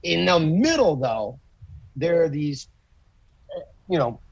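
A man chatting on a podcast, telling stories with swearing and lively acted-out quotes. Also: on the high side, slow pace, creaky, breathy edge, no echo, dull audio, faint music behind. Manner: profane, animated storytelling with acted quotes. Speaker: comedian guest. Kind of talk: casual podcast chat.

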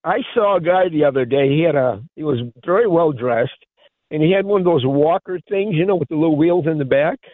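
An older man calling in to a radio show, telling jokes with frequent chuckles and halting restarts. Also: a little high, no room sound. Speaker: caller. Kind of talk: casual call-in chat. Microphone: phone. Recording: tinny phone line.

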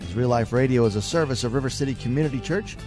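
A man reading a scripted radio outro in a smooth, even announcing voice. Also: medium pitch, fast talker, music in the background.

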